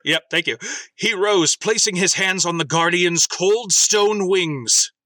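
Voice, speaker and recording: A podcast host, a man, reads listener submissions as mock-serious drama, slowing and dropping his voice for the quoted lines. His tone is very bright and a touch high, recorded close and dry with no room sound. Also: no echo. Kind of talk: casual chat and comic dramatic reading.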